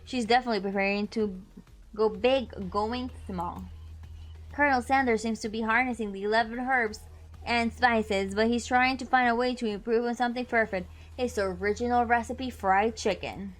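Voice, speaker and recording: Young woman streamer reading a silly dating game out loud, giggly, kinda high voice. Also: fairly even intonation, normal speed. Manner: playful, giggly, reacts to text. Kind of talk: reading a dating sim aloud while streaming.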